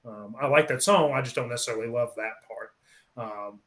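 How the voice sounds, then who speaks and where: A man co-hosting a casual podcast, rambling through an album track by track with many pauses and fillers. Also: medium pitch, a bit bright. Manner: rambling, many ums, lists songs one by one. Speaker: podcast co-host. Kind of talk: casual album review chat.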